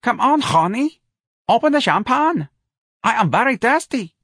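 A man's voice: extremely high pitch, very animated, moderate pace, fairly bright tone, breathy edge, no room sound, studio quality, pitched above the performer's own voice, full character voice. A male narrator voicing a pushy, threatening bar hostess. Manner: brash, wheedling, threatening. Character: pushy fortyish female bar hostess, menacing.

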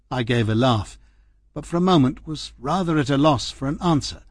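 Male narrator, formal measured reading, husky voice, dry close sound, mid pitch. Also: expressive, no echo. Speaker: audiobook narrator. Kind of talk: scripted first-person narration.

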